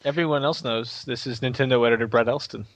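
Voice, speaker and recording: A man's voice: mid-range voice, steady tone, fast, dry recording, lo-fi sound. Dry, wry man on a podcast. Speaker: podcast panelist. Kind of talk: casual podcast chat.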